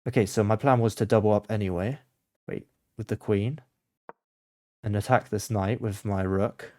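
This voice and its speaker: Dry, with no room sound, this recording captures a chess content creator muttering moves as he thinks aloud during blindfold chess. His lowish voice is steady in tone and normal in speed, and he swings between quiet focus and flustered panic.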